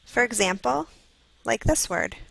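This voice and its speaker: A woman with a gravelly edge reads a scripted phonics lesson, slowly and clearly sounding out each letter. The recording is dry and close, with no room sound. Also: a little high, animated, a bit bright, no room sound, low-quality recording. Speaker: lesson video narrator. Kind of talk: scripted instructional narration.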